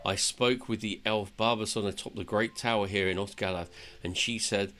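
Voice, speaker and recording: A man's voice: on the low side, steady tone, normal speed, a bit bright, lightly acted. A man reading aloud the lines of an earnest male dwarf hero telling of his quest, in a plain voice with no accent.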